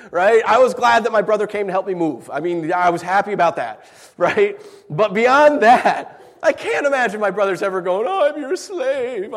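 A man with a high, very lively voice preaches to his congregation, swinging between big jokey asides and rhetorical questions. His sermon rings out through a big sanctuary with a long echo tail. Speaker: pastor.

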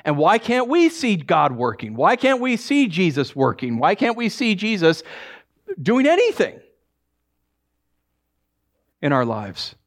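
A male pastor preaching a sermon in a lively, joking way, often putting on voices for quotes. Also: unhurried, pauses often. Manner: animated, acts out quotes in high voices, jokes with congregation.

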